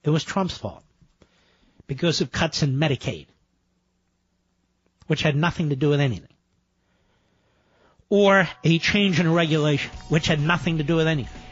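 A man's voice: a little high, normal speed, pauses often, breathy edge, no echo, soft background music. A man hosting a political talk radio show, speaking emphatically and combatively. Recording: dull, muffled broadcast sound.

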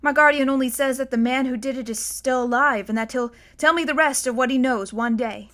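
A woman's voice: sits high, fairly quick, a bit bright. A woman reading aloud, voicing a serious, guarded boy who stumbles a little, then speaks firmly. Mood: earnest. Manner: hesitant, stumbling, then firm.

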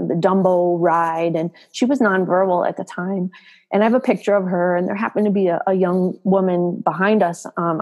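A woman's voice: a little mellow, low-quality recording. Tearful middle-aged woman telling a story. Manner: emotional, acts out quoted dialogue with raised pitch. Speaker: guest, mother and advocate. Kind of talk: personal storytelling in an interview.

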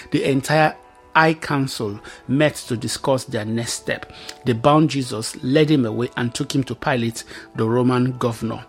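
A man preaching over faint music. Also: mid-range voice. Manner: reads scripture aloud, then explains it with emphatic repetition. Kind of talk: Bible teaching sermon.

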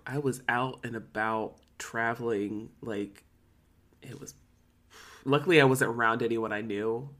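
A woman's voice: extremely low pitch, steady tone, unhurried, fairly bright tone. A woman co-hosting a podcast in casual chat, chatty and laughing a lot. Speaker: podcast co-host.

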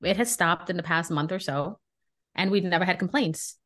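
A woman's voice: lowish voice, moderate pace. A woman co-hosting a podcast, telling a story in casual chat and acting out the dialogue with indignation. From Brooklyn. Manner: animated, indignant, acts out dialogue. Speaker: podcast co-host.

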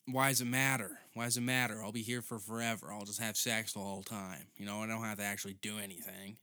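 A young man delivers a rambling, foul-mouthed comedy rant with a bright, forceful edge. His voice is smooth and crisp. The sound is dry and close. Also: medium pitch, no room sound. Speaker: podcast host. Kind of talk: comedic monologue.

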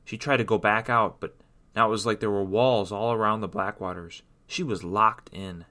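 A man reading a children's story aloud in an expressive, sing-song storytelling way. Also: on the low side, normal speed.

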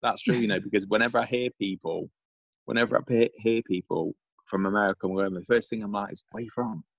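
A man's voice: fairly low pitch, fairly even intonation, fast talker, creaky, dry recording, lo-fi sound. A middle-aged English man in casual chat, rambling with many restarts and repeats. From England. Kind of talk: casual chat over a call.

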